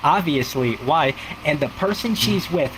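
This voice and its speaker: A man's voice: fairly high pitch, expressive, a little slow, a bit bright, a little hiss or hum, rough recording. A man chatting casually, telling a long rambling story full of fillers and quoted dialogue. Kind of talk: casual chat.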